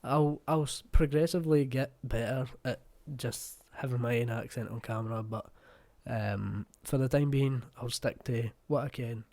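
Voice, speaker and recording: A man's voice: medium pitch, normal speed, few pauses, darkish tone. A man with a West of Scotland accent hosting a reaction video, talking casually, swearing bluntly and joking.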